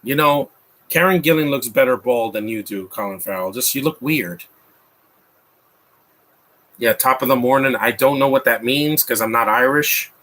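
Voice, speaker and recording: A man's voice: mid-range voice, normal speed, fairly bright tone. A man in his thirties giving a rambling, mocking live commentary over a movie, with frequent restarts. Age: 30s. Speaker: film commentator.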